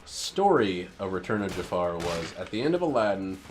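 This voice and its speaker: A deep-voiced man with big pitch swings narrates his video game stream at normal speed, offering rambling, wry play-by-play and muttered asides. Loud game music and gunfire fill the background, and there's a little hiss or hum.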